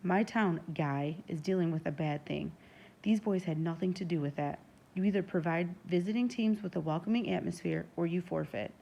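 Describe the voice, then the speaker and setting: A woman reading the part of a big, commanding father who speaks firmly and loudly, with a gravelly, dark voice. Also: fairly low pitch, moderate pace. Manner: firm, loud, authoritative.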